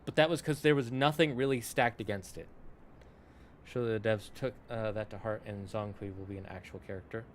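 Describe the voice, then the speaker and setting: A man's voice: fairly low pitch, fairly even intonation, brisk, a little hiss or hum. A young man streaming, chatting casually and rambling, often correcting himself and breaking off into asides to chat.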